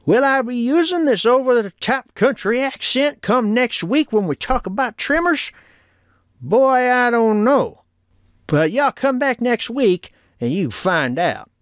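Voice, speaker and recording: A man's voice: extremely high pitch, very animated, measured pace, dry recording, clean studio sound, pitched above the performer's own voice, heavily acted. A man putting on a hammy country drawl. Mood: playful. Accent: put-on Southern US country.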